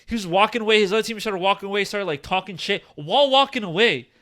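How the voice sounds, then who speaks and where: Young male podcast co-host, high-pitched and bright, rambling profane storyteller. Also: fast. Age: 20s. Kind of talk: casual chat.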